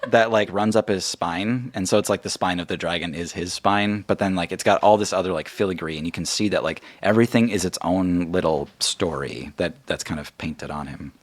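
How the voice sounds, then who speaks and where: Low male game master, casual and rambling, dry recording. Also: fairly quick, few pauses, no echo. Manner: casual, filler-heavy. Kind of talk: narrating a tabletop game.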